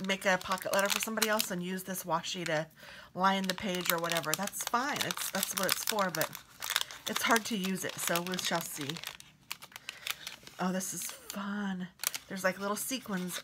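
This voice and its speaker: A woman vlogger casually showing off craft mail she received, gushing softly and sometimes dropping to a whisper. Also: fairly low pitch, background noise. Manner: gushing, soft-spoken, drifts into whispers. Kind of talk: casual show-and-tell unboxing.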